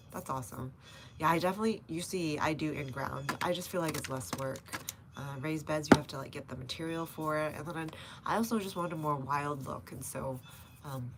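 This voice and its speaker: With a low-pitched voice and a noisy background, a young woman from North Texas hosts a casual gardening live stream outside in her home's front garden. She has a Texan accent, chats in an easygoing way, laughs often and answers viewers by name.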